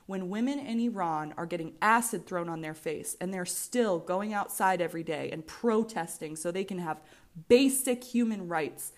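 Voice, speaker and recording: A woman in her twenties with an American accent, hosting a solo podcast in a candid, rambling way, swearing freely and often restarting her sentences. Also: mid-range voice. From United States. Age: 20s. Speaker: podcast host.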